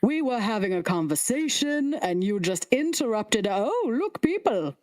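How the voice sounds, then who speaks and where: A woman's voice: fairly high pitch, big pitch swings, unhurried, darkish tone. A woman voicing a group of petty, rude male frog-folk heads on sticks that squabble and mock each other. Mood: snippy. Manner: squabbling, snippy, mocking.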